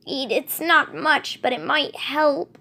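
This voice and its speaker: A woman voicing a gaunt gray and white elder she-cat who speaks snappishly and forcefully. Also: sits high, expressive, slow pace, vocal fry, voice pushed up, heavily acted. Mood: pleading.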